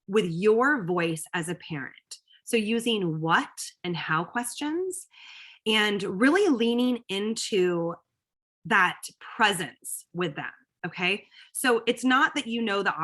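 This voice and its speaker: A woman's voice: medium pitch, sharp tone. A woman coach giving an upbeat, emphatic talk to parents, often checking in with her listeners. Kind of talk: presentation to parents.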